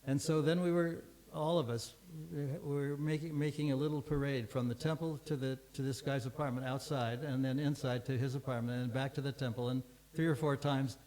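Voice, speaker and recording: An older man recounting a story in a scripture class. He wanders, restarts and fills pauses as he goes, in an unhurried, easy manner. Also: mid-range voice, fairly even intonation, darkish tone, slight background noise, poor audio. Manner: rambling, many restarts and fillers. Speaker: guest speaker giving a scripture class.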